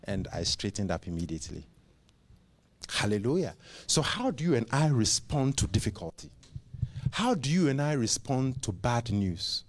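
A man's voice: medium pitch, sing-song, normal speed. A man preaching a sermon who fires off rhetorical questions and often repeats words and restarts.

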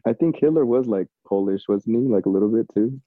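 A man's voice: on the low side, fast, no room sound, narrow, tinny audio. A man as a podcast guest, laid-back and hesitant, laughing as he goes. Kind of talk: casual podcast banter.

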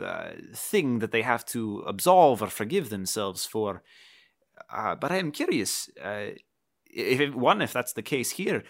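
A man's voice: lowish voice, a bit bright. A man playing a polite, fumbling skeleton adventurer. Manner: polite and hesitant, full of fillers.

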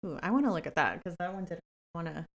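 A woman with a low, gravelly voice hosts a podcast from her home work space. She talks into a professional mic in a relaxed, chatty way, eager to recommend books. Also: fast talker. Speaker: podcast host. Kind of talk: casual podcast chat. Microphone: professional studio microphone.

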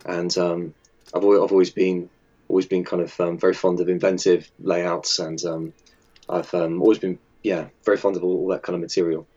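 A man with a very deep voice talks through his work in a casual interview. He rambles along with lots of ums and false starts. The recording is dull and lo-fi. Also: level tone, moderate pace, mellow. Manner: chatty and hesitant, with many fillers and restarts. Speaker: magazine editor and designer.

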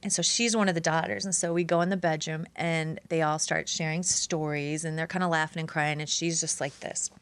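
A woman's voice: low voice, fairly even intonation, brisk, hardly any pauses, clean tone, no echo. A middle-aged woman journalist telling stories on a podcast, animating them by acting out the voices of the people she quotes. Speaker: podcast guest, newspaper journalist. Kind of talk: casual storytelling conversation.

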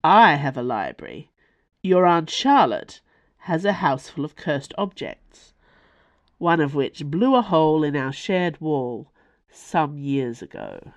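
A woman voicing a male lion-faced beast, a drawling, condescending gentleman librarian in a storybook reading. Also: lowish voice, fairly even intonation, moderate pace, hardly any pauses, no echo, dull audio, lightly acted.

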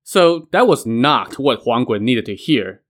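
Wry male storyteller, mid-pitched. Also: expressive, unhurried. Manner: wry, colloquial narration. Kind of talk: casual retelling of myth.

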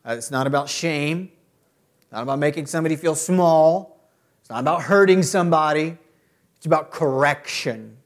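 A middle-aged man preaching a sermon as a pastor. He often builds to loud, emphatic peaks. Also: on the high side, normal speed.

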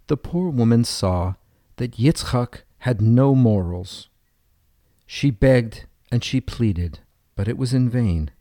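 Mellow-voiced male storyteller. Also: mid-range voice, expressive, slow, no room sound, clean studio sound. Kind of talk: storybook narration.

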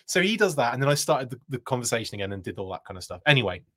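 A man hosting his own live show, spinning a long, rambling anecdote. His pitch climbs and dips all over the place as he gets caught up in the story. He laughs often and keeps restarting his sentences. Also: big pitch swings, racing, bright, forceful tone. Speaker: host.

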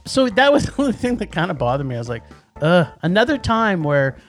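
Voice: medium pitch, very animated, quick pace, soft background music. A podcast co-host reviewing movies in casual chat, enthusiastic and rambling, often restarting sentences.

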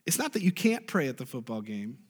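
A man's voice: mid-range voice, sing-song, fairly quick, husky, big-room sound. A man preaching a sermon as pastor, emphatic, often asking the congregation "right?" and drawing an "amen".

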